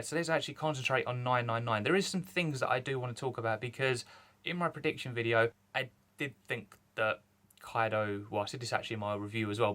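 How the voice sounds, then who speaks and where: A young man, reviewing a manga chapter in rambling, excited casual chat. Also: mid-range voice. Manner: rambling, excited, lots of fillers.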